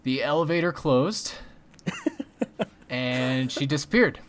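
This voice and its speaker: Male podcast co-host, casual, laughs a lot, swears freely, mid-pitched everyday voice. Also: slow pace, slight background noise. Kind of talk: casual chat.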